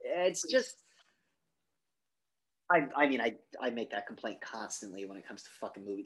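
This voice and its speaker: A man co-hosting a podcast, casually recapping a movie in a rambling, profane way and acting out lines in high voices. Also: lively intonation, moderate pace, pauses often, fairly bright tone. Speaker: podcast co-host.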